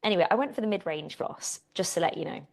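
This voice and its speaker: A British woman hosting a fitness Q and A podcast, chatty and animated, telling stories with a laugh. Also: fairly low pitch, fast talker, vocal fry. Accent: British English. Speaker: fitness coach and podcast host. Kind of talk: casual Q and A podcast chat.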